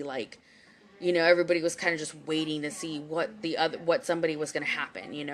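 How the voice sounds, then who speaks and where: Low-pitched yet a little bright, this young Houston woman works as a psychic reader and commentator. On a webcam or phone microphone, she delivers a heated, profane live-stream monologue that rambles, restarts, and fills gaps with filler words.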